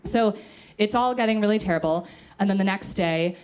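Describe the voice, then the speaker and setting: A woman's voice: mid-range voice, fairly quick, darkish tone, smooth. A woman comedian telling a personal story in a casual, profane way, acting out the people she quotes.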